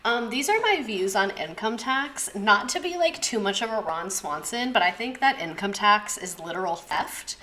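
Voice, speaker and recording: A woman's voice: mid-range voice, expressive, normal speed, few pauses, pushed and bright, slight background noise. A young woman teacher giving a casual history lesson, chatty and sarcastic, swearing and drifting into tangents.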